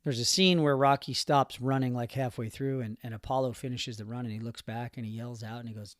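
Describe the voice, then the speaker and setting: A man's voice: medium pitch, fairly even intonation, a little fast, hardly any pauses, dry recording, studio quality. A middle-aged man hosting a motivational podcast, talking in an earnest, rambling, conversational way with lots of fillers. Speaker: podcast host.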